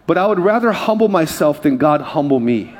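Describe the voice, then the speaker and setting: A man's voice: a little high, expressive, brisk, big-room sound. A pastor from Hawaii preaching a sermon, joking with the congregation in a conversational way and often restarting his sentences. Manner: jokey, conversational, with frequent restarts. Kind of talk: sermon with storytelling. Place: church service before a congregation.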